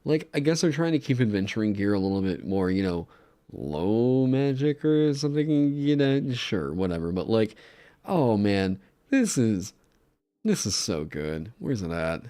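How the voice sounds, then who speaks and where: A man chatting on a livestream in an excitable way, swearing freely and breaking into laughter. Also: fairly low pitch, unhurried. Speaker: streamer designing game content. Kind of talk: casual livestream chat.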